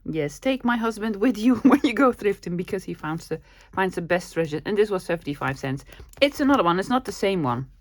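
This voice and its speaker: A woman's voice: medium pitch, a little fast, no echo. Chatty woman with a cold. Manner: bursts of giddy excitement, chatty. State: coming down with a cold, sore throat. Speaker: vlogger showing a thrift haul. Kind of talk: casual chat.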